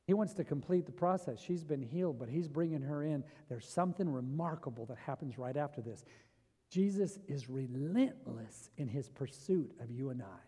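A middle-aged man preaching a sermon as pastor, swinging from hushed, intimate storytelling to loud, rising emphasis. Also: a little high, expressive, moderate pace, husky. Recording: reverberant hall.

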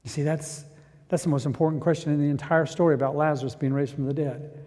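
A man with a high-pitched voice preaches a sermon. He climbs to loud, urgent peaks and then drops to quiet, intense asides. His words ring out with the long reverb of a large hall. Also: steady tone, fast talker. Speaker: pastor.

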